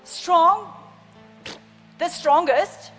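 Female pastor, high voice, fervent sermon, long hall reverb. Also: very slow, fairly bright tone, faint music behind. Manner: fervent, calls out to congregation.

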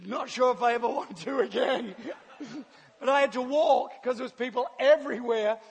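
A man's voice: extremely high pitch, moderate pace, creaky, slightly rough. A man giving a personal testimony to a live audience, acting out scenes and laughing often as he tells the story. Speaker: guest speaker. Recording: long hall reverb.

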